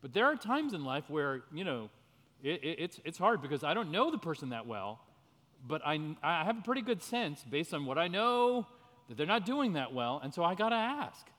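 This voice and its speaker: A man's voice: a little high, sing-song, moderate pace, a bit bright. A man leading a church parenting workshop, speaking in an earnest teaching manner, often breaking into laughs. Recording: reverberant hall.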